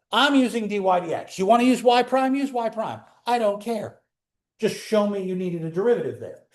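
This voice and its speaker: High-voiced man lecturing a class. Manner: animated, talks students through steps with questions. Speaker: calculus lecturer.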